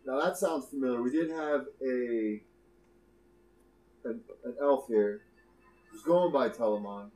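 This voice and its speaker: A man doing a calm dark elf boss. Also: medium pitch, measured pace, long pauses, reverberant, lightly acted, rough recording. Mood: businesslike.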